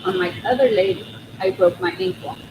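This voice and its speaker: A woman's voice: medium pitch, moderate pace. A woman hosting a casual livestream from her living room, nervous and rambling, with many ums and restarts. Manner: nervous, soft-spoken. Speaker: crochet channel host on a livestream. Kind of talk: casual live chat with viewers. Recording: roomy room with steady background noise.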